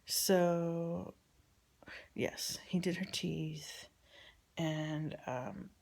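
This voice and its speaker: A woman telling a personal story about her family in a rambling, halting, confessional way, often dropping to a near whisper. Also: fairly low pitch, level tone, creaky, darkish tone.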